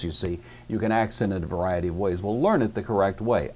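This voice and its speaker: A man's voice: low voice, brisk, hardly any pauses, darkish tone. A man teaching a language class, explaining grammar rules patiently and with frequent filler words. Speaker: Greek teacher. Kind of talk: recorded classroom lecture.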